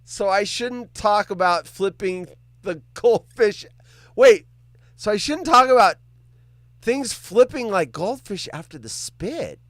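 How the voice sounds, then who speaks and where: A man hosts a casual livestream and chats with his viewers, joking and cursing as he reacts to their comments. His voice sits high and swings widely in pitch, and the close, dry recording keeps it clear and near. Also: no echo. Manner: animated, joking, swears freely. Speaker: livestream host.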